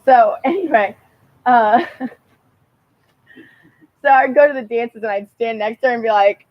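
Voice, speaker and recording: A young woman vlogging outdoors, telling a rambling story in a casual, profane, animated way and laughing often. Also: on the high side, measured pace, long pauses, no echo, dull audio.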